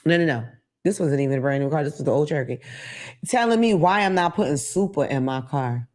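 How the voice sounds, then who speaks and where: A woman hosting a casual monologue, telling stories in a profane, animated way and acting out quotes. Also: sits low, fast talker. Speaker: host.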